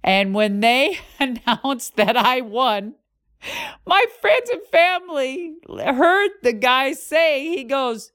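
A middle-aged woman hosting a podcast, telling a racing story in a lively, profane way with vocal sound effects. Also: sits high, slow pace. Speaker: podcast host and former monster truck driver.

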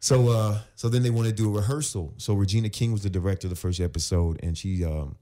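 A man around forty with a deep, mellow voice tells a story as a podcast guest. He acts out each side of the conversations in lively fashion, recalling his days as a football player turned actor. The voice is low and warm throughout. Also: fast. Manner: animated storyteller who acts out both sides of conversations. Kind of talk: casual storytelling interview.

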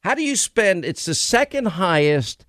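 A man hosts a talk radio show, ranting sarcastically and combatively in a high-pitched, fairly bright voice with big pitch swings at a moderate pace. The recording is clean studio sound with no room sound.

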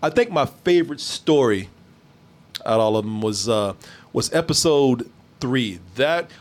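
A man hosting a casual chat, animated, swearing freely and laughing often. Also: mid-range voice, unhurried.

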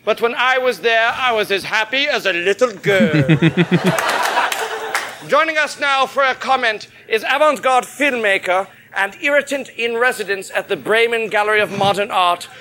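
Dieter, a pompous German TV host. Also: male voice, high-pitched, moderate pace, slight background noise. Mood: deadpan pompous. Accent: put-on German. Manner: deadpan, clipped, pompous. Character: stiff, flamboyant adult male German TV host. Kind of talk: sketch comedy. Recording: TV clip with loud studio audience.

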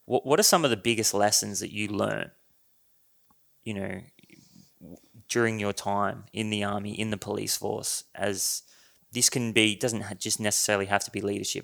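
Low gravelly host guy asking a rambling question, bit hesitant. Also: fairly bright tone. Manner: hesitant, searching for words. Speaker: podcast host. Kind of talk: interview question.

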